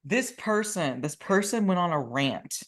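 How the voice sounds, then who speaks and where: Woman, podcast co-host, casual chat, animated, profane, mocking. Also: on the low side, unhurried.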